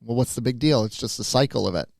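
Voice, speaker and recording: A man's voice: medium pitch, quick pace, vocal fry, a little mellow, no echo, studio quality. A man co-hosting a casual podcast, musing aloud and often checking in with "right?". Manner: musing, thinks aloud with many "right?" tags. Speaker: podcast co-host. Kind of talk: casual chat.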